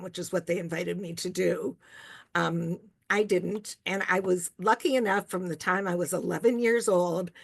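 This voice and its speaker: A woman's voice: medium pitch, creaky, no echo. An older woman from Canada, a rabbi answering audience questions over a video call in a reflective, casual way, chuckling often between remarks. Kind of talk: casual Q&A talk.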